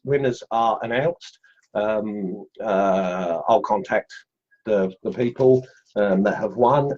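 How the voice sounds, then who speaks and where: Chatty, husky man hosting. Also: lowish voice, darkish tone, lo-fi sound. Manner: chatty, jokey, rambling with many fillers. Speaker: host of a carving group livestream. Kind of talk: casual livestream chat.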